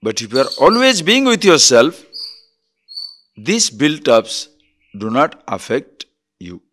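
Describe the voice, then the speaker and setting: A man's voice: mid-range voice, takes it slowly. A man giving a spiritual discourse as a teacher, telling stories and acting out quarrels. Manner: animated storytelling, acts out quarrels.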